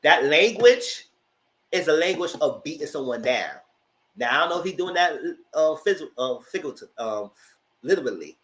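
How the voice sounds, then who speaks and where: A man giving a chatty, animated recap of a TV show, talking straight to his viewers. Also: fairly high pitch, normal speed. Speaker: vlogger recapping a reality show. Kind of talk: casual commentary. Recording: roomy echo.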